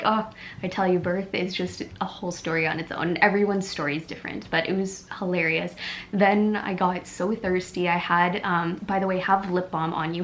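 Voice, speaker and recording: Young woman vlogger, lowish voice, chatty storytelling with faint background hiss. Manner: chatty, animated, many "like" fillers. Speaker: beauty vlogger. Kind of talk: casual storytelling vlog.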